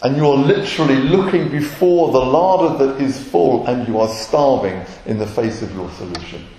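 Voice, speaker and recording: A man's voice: mid-range voice, moderate pace, mellow, slight background noise. A man, a messianic rabbi, preaching an earnest sermon and acting out short quotes. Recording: roomy echoey hall.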